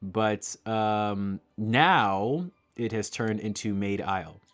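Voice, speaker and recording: A man's voice: lowish voice, slow, highs cut off. A man hosting a casual game playthrough, joking and swearing now and then as he comments. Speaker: let's-play host.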